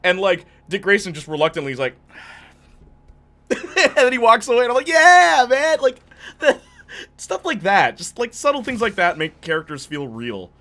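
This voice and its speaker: A young man streaming gameplay, chatting in a rambling, excitable way with lots of fillers and tangents. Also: high voice, moderate pace. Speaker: gaming streamer. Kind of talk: livestream gameplay commentary.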